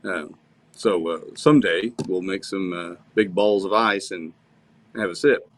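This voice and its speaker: An older man co-hosting a casual podcast, talking in a relaxed, hesitant way with many fillers. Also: low-pitched, unhurried. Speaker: podcast co-host. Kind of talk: casual chat.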